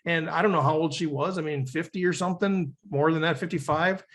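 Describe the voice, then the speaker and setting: A man's voice: fairly high pitch, steady tone, fairly quick, fairly bright tone. A middle-aged man, talking earnestly and reflectively as a podcast guest, often tagging his sentences with "right?". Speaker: podcast guest, leadership coach. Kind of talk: conversational interview.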